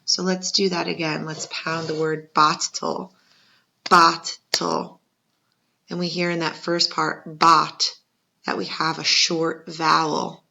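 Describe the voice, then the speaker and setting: A woman's voice: low voice, little pitch movement, unhurried, creaky, few pauses, pushed and bright. A woman teacher giving a patient second-grade spelling lesson, sounding out syllables and encouraging young learners. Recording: muffled lo-fi recording.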